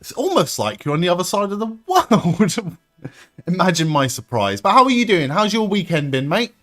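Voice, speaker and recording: Young guy streaming wrestling reactions, kinda high voice, swears a lot, bit of music behind. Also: normal speed. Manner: excitable, swears freely, laughs often. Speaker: streamer hosting a wrestling watch-along. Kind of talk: live reaction commentary and chat.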